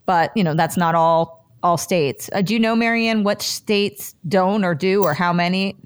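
A woman's voice: fairly low pitch, moderate pace, clear, resonant tone. A woman co-hosting a podcast, chatting and asking follow-up questions. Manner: conversational, asks follow-up questions. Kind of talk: casual chat.

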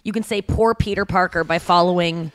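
A woman's voice: fairly low pitch, brisk. A woman co-hosting a casual podcast, chatting and reading out fun facts and online posts. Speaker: podcast co-host.

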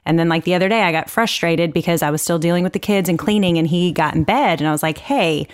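A woman's voice: lowish voice, quick pace, smooth. A married woman, around her thirties, sharing candidly and chattily about her own marriage on a podcast. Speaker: podcast guest with a relationship question. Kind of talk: casual podcast chat.

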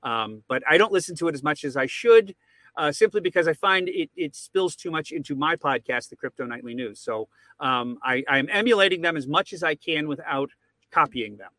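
Male interview guest: bright edgy tone, rambling and excitable, dry close mic. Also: on the high side, a little fast, no room sound. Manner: rambling, repeats words when excited. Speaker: podcast guest. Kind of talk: casual interview.

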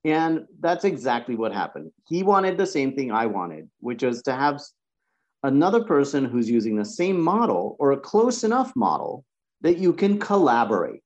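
A man who works as a massage therapist, a podcast guest telling his career story in a conversational way, often restarting words and clearing his throat. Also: medium pitch, sing-song, moderate pace. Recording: dull lo-fi sound.

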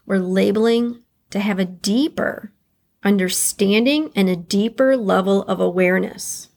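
Woman podcast host, unhurried guided-reflection delivery, a gravelly edge, repeats phrases gently. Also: mid-range voice. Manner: slow, calm, repeats key phrases to guide listener.

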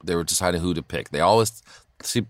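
A middle-aged male comedian chatting as a podcast guest, telling animated, laughing stories about his young kids. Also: low voice, fast talker, no room sound, studio quality. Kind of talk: casual podcast chat, storytelling.

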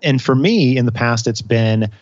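Man, career coach, podcast chat, energetic explanations, dry close sound, a bit muffled. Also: mid-range voice, normal speed, no room sound. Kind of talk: casual podcast conversation.

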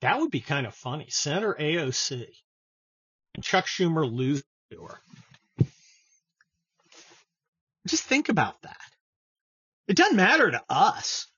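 A man's voice: fairly high pitch, sing-song, unhurried, pauses often, pushed and bright, breathy edge, dry recording, muffled recording. A man giving sarcastic, scornful political commentary on his show, often stumbling and restarting his sentences. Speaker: political podcast host.

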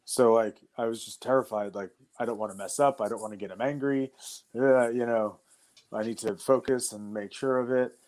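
A young man with a middle-pitched voice tells wrestling-school stories as a guest. His talk is loose and animated, full of fillers and restarts, and he laughs as he goes. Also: moderate pace. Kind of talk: casual storytelling.

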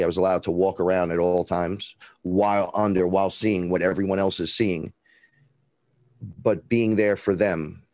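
Deep and a little mellow, with no room sound, this man's voice carries a Bronx accent from New York. As an interview guest, he tells a rambling story bluntly and profanely, acting out the dialogue of the people involved.

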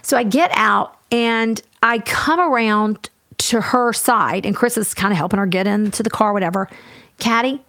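A woman co-hosting a podcast, telling a story in a lively casual way and acting out what everyone said. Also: medium pitch, no room sound. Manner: animated, fast, acts out everyone's lines. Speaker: podcast co-host.

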